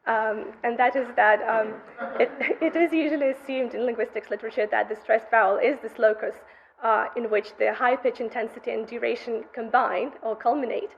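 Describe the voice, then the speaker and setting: A young woman, a graduate student, methodically explains her research in an academic conference lecture, captured on a dull, muffled recording. Her voice is on the high side and creaky, a little fast, with fairly even intonation.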